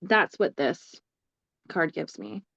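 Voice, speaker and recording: A woman's voice: low-pitched, very animated, slow, gravelly, a bit bright. Woman co-host, casual tarot chat, many fillers, slightly dull lo-fi sound. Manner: thoughtful, lots of fillers.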